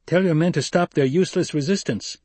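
Brief: hard young commander, calm and level, male audiobook narrator's husky tone, dry close sound. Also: on the high side, brisk, no echo, pitched above the performer's own voice, natural voice. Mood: commanding. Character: young man, hardened desert leader, cool and commanding.

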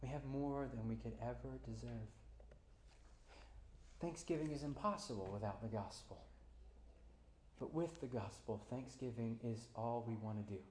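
A pastor preaching a sermon, moving between quiet, low passages and loud, high-pitched climaxes. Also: male voice, moderate pace, pauses often, roomy sound, a little hiss or hum.

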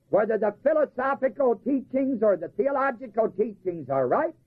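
On this tinny vintage recording, a preacher with a high, husky voice moves through his sermon in lively, rising and falling tones. He slows to lean on important phrases and leaves gaps for the room to finish his words.

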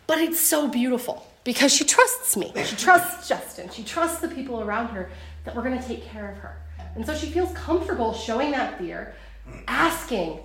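A young woman leading a casual Bible lesson for a group, talking in a chatty way with lots of fillers and lively storytelling. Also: on the high side. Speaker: Bible study teacher. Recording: roomy echo.

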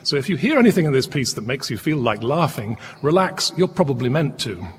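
A man presenting a radio music programme, explaining in a lively, expressive way. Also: medium pitch, fairly quick, in a large hall.

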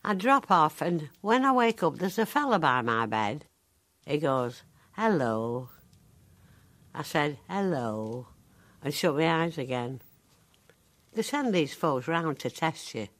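An actress playing a sharp-tongued, ninety-five-year-old woman in a care home, telling her story in a dry, deadpan, wry way with a Northern English accent. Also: deep voice, slow pace, pauses often, full character voice. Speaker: monologue character. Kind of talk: dramatic monologue.

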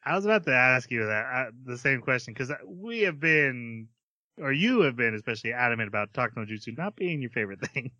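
A man's voice: medium pitch, brisk, dry recording, dull audio. A man on a podcast casually retelling an anime's plot, acting out the characters' lines. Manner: animated storyteller, acts out character quotes. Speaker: podcast co-host. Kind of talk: casual anime recap chat.

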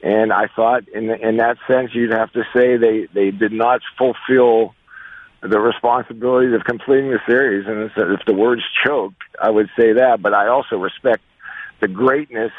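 Measured man on a tinny phone line. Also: lowish voice, steady tone, no room sound. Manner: hesitant, many restarts, measured. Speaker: guest coach. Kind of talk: sports radio phone interview.

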